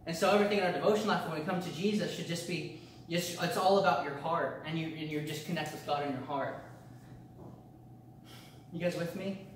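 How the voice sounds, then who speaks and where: A man's voice: a little high, steady tone, a little fast, pauses often, a little hiss or hum. Earnest preaching man in an echoey room. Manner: earnest, repetitive preaching cadence with frequent restarts. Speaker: pastor. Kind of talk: teaching a church discipleship class. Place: church meeting room. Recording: very echoey room, mic far off.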